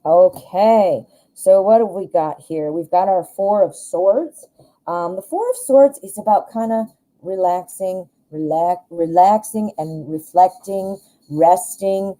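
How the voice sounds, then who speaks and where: A woman's voice: fairly low pitch, slow pace, dark tone, poor audio. A woman with a Midwestern American accent hosting a live tarot reading, chatting casually and rambling enthusiastically with frequent restarts. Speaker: tarot reader, live show host.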